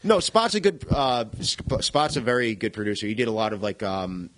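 A man's voice: mid-range voice, normal speed, fairly bright tone, slight background noise, low-quality recording. A man in casual podcast chat about music, rambling, laughing often and swearing casually. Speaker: podcast co-host.

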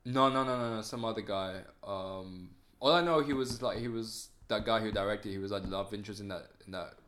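A man's voice: on the low side, brisk, fairly bright tone. A young man in casual conversation about films, rambling, hesitant, with frequent fillers and casual swearing. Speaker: film chat participant. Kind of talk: casual chat.

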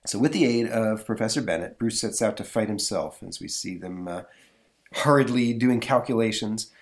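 A man's voice: fairly low pitch, animated, moderate pace. A man hosting a comic book podcast, casually summarizing a comic's panels and laughing often between the lines he reads. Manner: chatty, laughs often, hesitant fillers while summarizing. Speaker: podcast host.

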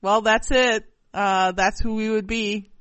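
A woman's voice: medium pitch, fairly even intonation, measured pace, a bit bright, no echo. A woman co-hosting a podcast, telling a rambling story with many fillers and restarts. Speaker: podcast co-host. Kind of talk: casual chat.

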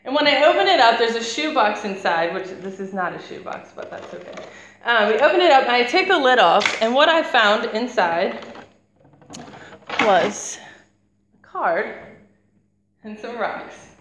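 A woman's voice: fairly high pitch, big pitch swings, unhurried, pauses often. A woman in her thirties preaching a conversational sermon, chatty and breaking into laughter as she tells stories. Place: church hall. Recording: echoey church hall with faint noise.

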